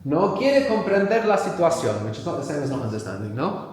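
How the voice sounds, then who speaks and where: A man's voice: on the high side, big pitch swings, a little fast, a little mellow. A man teaching at a live workshop, patiently asking learners questions and walking them through each step. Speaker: language teacher. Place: large live venue with audience. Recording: very echoey hall.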